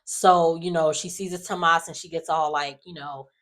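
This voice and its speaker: A woman chatting casually in a sassy, animated way, sighing and acting out lines in quotes. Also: low-pitched, moderate pace. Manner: animated, sassy, acts out characters in quotes, frequent sighs. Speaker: soap opera recap vlogger. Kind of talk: casual recap chat.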